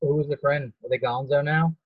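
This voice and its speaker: A male comedian in casual chat, blunt and swearing often, with quick interjections. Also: fairly high pitch, steady tone, breathy edge, no echo, narrow, tinny audio. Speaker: stand-up comedian.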